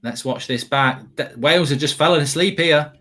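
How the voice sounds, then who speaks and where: A man hosting a live football watchalong, chatting excitedly with frequent restarts. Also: fairly high pitch. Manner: excitable, quick restarts and self-corrections. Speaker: host.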